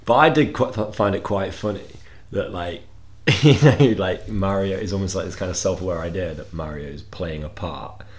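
A man's voice: deep voice, moderate pace. A man chatting casually as co-host, dropping wry joking asides. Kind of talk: casual chat.

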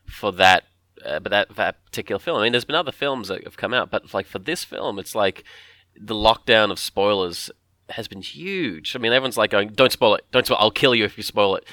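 A man's voice: on the low side, bright, forceful tone, dry recording, studio quality. A man co-hosting a podcast, rambling in casual chat and restarting his sentences often. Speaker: podcast co-host.

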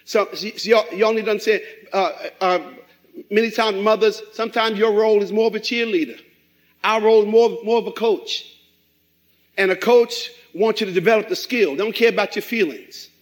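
A middle-aged man preaching a sermon, animated and acting out quoted voices. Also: high voice, brisk, poor audio. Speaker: pastor.

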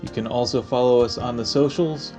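A man's voice: medium pitch, a little fast, mellow, soft background music. A man co-hosting a podcast in casual chat, teasing and playful. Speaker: podcast co-host.

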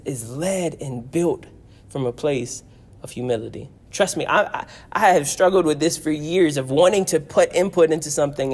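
A man's voice: a little high, a little mellow. A male pastor delivering a sermon in an earnest, personal way. He stacks repeated phrases for emphasis, and his voice swells and falls back as he drives each point home. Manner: earnest, repetitive preaching with rising and falling emphasis.

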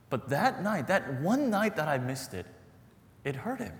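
A man's voice: fairly high pitch, very animated, measured pace, pauses often, in a large hall, a little hiss or hum. A man preaching a sermon as pastor, earnest and storytelling, repeating phrases for emphasis.

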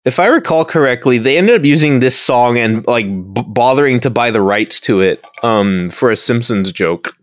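A relaxed man chatting through a film commentary in a middle-range voice. He chuckles now and then. The recording is dry and close. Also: medium pitch, moderate pace, hardly any pauses, no room sound. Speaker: movie commentator. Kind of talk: casual movie commentary chat.

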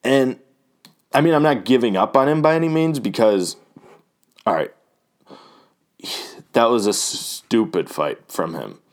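A man's voice: mid-range voice, animated, unhurried, long pauses. A man giving a loose, rambling and profane recap of fight results, full of fillers and restarts. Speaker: fight fan recapping a card. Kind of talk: casual talk.

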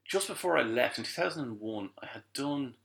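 Fast-talking, gravelly Irish man. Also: mid-range voice. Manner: animated storyteller, acts out quoted voices. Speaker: guest, voice actor and musician. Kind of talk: casual storytelling in a podcast chat.

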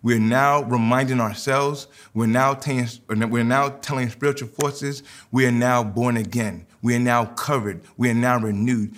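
A man preaching a sermon, leading communion and then telling a personal story with lively quoted dialogue. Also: medium pitch. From New York. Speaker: pastor.

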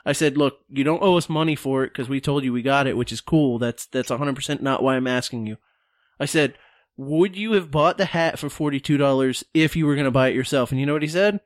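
A man's voice: medium pitch, brisk, no room sound, studio quality. A man co-hosting a podcast, telling a rambling story in casual chat and acting out the quotes. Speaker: podcast co-host.

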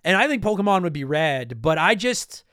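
Replying to listener mail in a casual chat, a young podcast host from Canada talks at normal speed in a high, lively voice that hops all over the place. He rambles, apologizes often and keeps restarting his sentences. The audio is close and dry, with no room sound.

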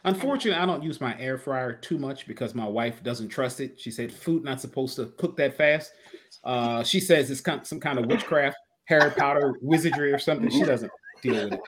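A man co-hosting a podcast in an animated, playfully teasing way. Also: mid-range voice, a little fast. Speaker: podcast co-host. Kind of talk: casual chat.

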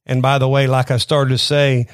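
A man's voice: medium pitch, level tone, moderate pace, dry recording. Man, middle-aged, pastor, sermon, earnest, repeats himself, dry recording. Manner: earnest, repeats words and restarts often. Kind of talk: sermon-style teaching.

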